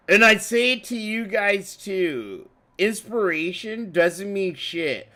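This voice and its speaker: High, animated man reacting profanely. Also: takes it slowly, hardly any pauses. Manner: profane, excitable, rambling. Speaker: restream commentator. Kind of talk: casual reaction commentary.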